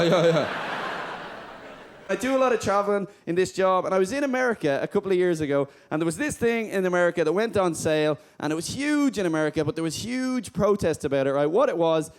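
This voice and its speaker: A man doing a stand-up comedy routine on stage, chatty and often checking in with the crowd. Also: sits high. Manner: chatty, keeps checking in with "right?".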